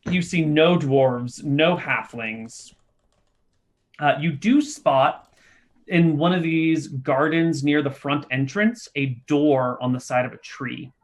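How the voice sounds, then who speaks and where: A man narrating as game master, describing scenes in an easygoing, lively way. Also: a little high, takes it slowly.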